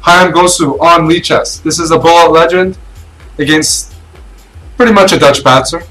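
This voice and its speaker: A man from Canada doing excited play-by-play commentary on a chess stream, cheering and repeating catchphrases. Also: a little high, moderate pace, faint music behind, rough recording.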